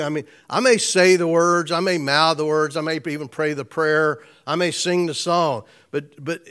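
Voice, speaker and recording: This pastor gives a relaxed, informal sermon to a small group in a noticeably high male voice. He speaks conversationally, repeating and restarting phrases and chuckling softly and often.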